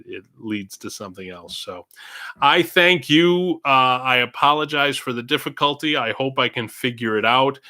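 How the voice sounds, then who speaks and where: Chatty parish priest with a bright voice. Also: male voice, medium pitch. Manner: chatty and meandering, drifting between topics. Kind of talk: casual livestream Q&A. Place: indoors at home, own room. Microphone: computer streaming setup.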